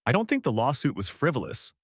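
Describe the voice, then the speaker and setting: A man's voice: medium pitch, big pitch swings, fast talker, husky, dry recording, clean studio sound. A man voicing a smug, condescending middle-aged man who is the new boyfriend, in an audiobook story.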